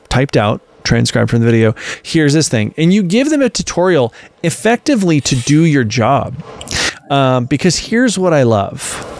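A man with a gravelly edge to his voice, co-hosting a casual podcast. He explains ideas in an animated way, building on examples as he goes. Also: mid-range voice, no room sound. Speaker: podcast co-host.

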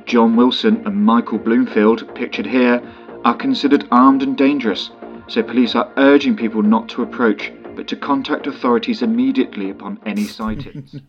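A man's voice: mid-range voice, fairly even intonation, moderate pace, highs cut off, soft background music, lightly acted. A man voicing a posh male TV newsreader with a formal delivery.

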